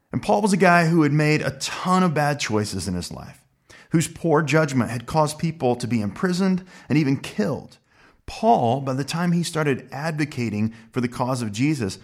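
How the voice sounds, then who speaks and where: A man preaching a sermon in an earnest, emphatic way, slowing down to stress key words. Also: medium pitch. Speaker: pastor.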